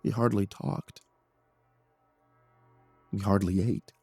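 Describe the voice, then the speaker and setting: A man narrating a horror story in a hushed, grave manner. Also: fairly low pitch, fairly even intonation, takes it slowly, gravelly, slightly rough, dry recording, soft background music.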